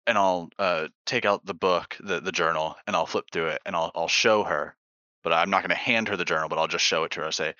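A man's voice: low-pitched, steady tone, fairly quick, bright, forceful tone, no echo, highs cut off. A man playing a tabletop role-playing game, describing his character's actions hesitantly as he thinks aloud. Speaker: player.

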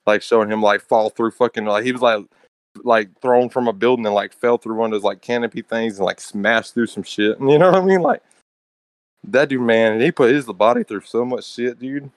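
A young man in casual chat with his friends, rambling along in slang and swearing, laughing easily. His voice is mid-pitched and sits dry and close on the mic. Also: normal speed, no echo. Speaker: podcast co-host.

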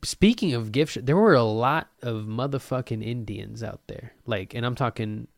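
A young man hosting a solo podcast from his desk at home, rambling and joking at his own expense, with sudden loud bursts and mumbled asides. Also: medium pitch, normal speed, vocal fry, no room sound, studio quality. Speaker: podcast host.

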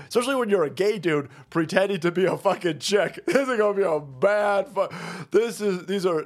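A man hosts a foul-mouthed commentary rant, combative and mocking. His voice sits a little high. Faint music plays underneath. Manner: combative, mocking, swears constantly. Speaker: commentary show host. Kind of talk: profane ranting commentary.

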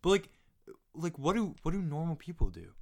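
A man's voice: on the high side, very animated, moderate pace. A young man in casual chat, laid-back and self-mocking, swearing freely.

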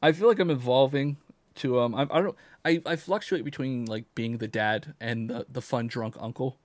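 Casting: man in his late twenties, mid-pitched, loose crude jokester, dead-dry mic. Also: moderate pace, no room sound. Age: 20s. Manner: joking, crude, laughs often. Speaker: podcast co-host. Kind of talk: casual chat.

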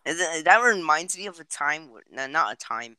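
Brief: bright, sharp-toned co-host, easygoing banter, dry sound. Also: medium pitch, expressive, normal speed, smooth, dry recording. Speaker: podcast co-host. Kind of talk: casual chat.

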